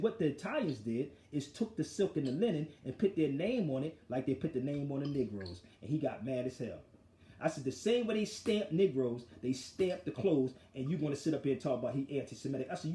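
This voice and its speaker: A man hosting a talk show, telling the story of an argument in a forceful, animated way. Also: fairly high pitch, reverberant. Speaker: show host. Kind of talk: casual street talk storytelling.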